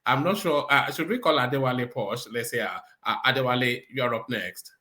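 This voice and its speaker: A man's voice: mid-range voice, brisk, bright, forceful tone, roomy sound. A man hosting an online panel, introducing speakers in an upbeat, playful way. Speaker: host.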